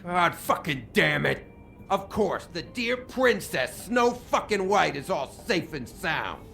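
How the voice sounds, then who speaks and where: A gravelly, enraged brute. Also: male voice, high voice, big pitch swings, takes it slowly, sharp tone, faint music behind, heavily acted. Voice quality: gravelly, bellowing. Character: furious hulking male bar regular, foul-mouthed. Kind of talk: video game voice acting.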